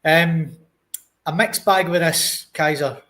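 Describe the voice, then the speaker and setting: A Scottish man with a somewhat raised pitch guides a casual football talk, bringing in each new subject. He keeps it conversational and moving. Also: sharp tone. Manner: brisk, steers the topics. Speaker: podcast co-host.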